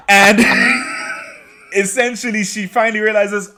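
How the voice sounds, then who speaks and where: A man's voice: high voice, unhurried, a crowd in the background. A man co-hosting a podcast, chatting casually and acting out quotes with laughter. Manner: animated, laughing, acts out quotes in voices. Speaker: podcast co-host. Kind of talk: casual chat recapping a TV show.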